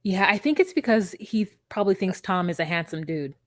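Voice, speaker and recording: A woman's voice: mid-range voice, expressive, brisk, no echo. A woman co-hosting a casual podcast, talking bluntly and swearing freely. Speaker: podcast co-host. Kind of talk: casual chat.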